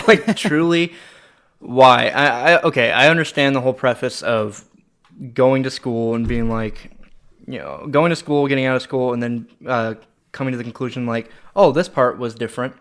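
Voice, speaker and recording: A young American man ranting on a casual podcast, swearing freely as he talks. His voice sits in a middle register. His ranting breaks into loud, animated outbursts. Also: medium pitch, normal speed, clean tone. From United States. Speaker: podcast co-host. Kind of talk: casual chat.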